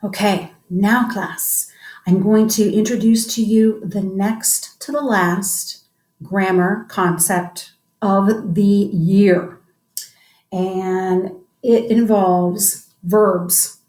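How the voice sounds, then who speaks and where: A woman's voice: mid-range voice, fairly even intonation, extremely slow, darkish tone, roomy sound, poor audio. Upbeat woman teaching a class. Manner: upbeat, coaxing call-and-response drilling. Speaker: French teacher. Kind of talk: classroom grammar lesson.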